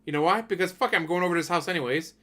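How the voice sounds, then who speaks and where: A man hosting a reaction channel, telling casual stories in a relaxed, profane way on a desk microphone. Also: high voice, rapid-fire. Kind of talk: casual anecdotal commentary. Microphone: desk USB microphone.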